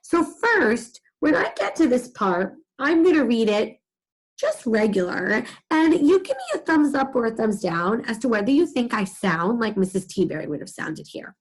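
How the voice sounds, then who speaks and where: A woman's voice: a little high, sing-song, normal speed, breathy edge, poor audio. A middle-aged woman teacher giving a reading lesson to young children, telling the story expressively.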